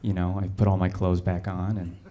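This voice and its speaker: Laid-back deadpan male stand-up comic. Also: deep voice, a little fast. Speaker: stand-up comedian. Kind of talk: stand-up set. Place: comedy club stage. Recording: loud audience noise in a club. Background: audience laughter.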